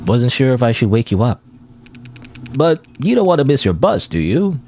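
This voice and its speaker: Kindly old stranger at a bus stop, gentle and concerned, voiced plainly by a male gamer, lively pitch. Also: normal speed, slight background noise.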